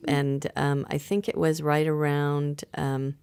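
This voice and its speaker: A woman's voice: deep voice, little pitch movement, slow, a little mellow, smooth. A woman astrologer explaining in casual podcast chat, chatty with many fillers and frequent laughs. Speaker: astrologer guest.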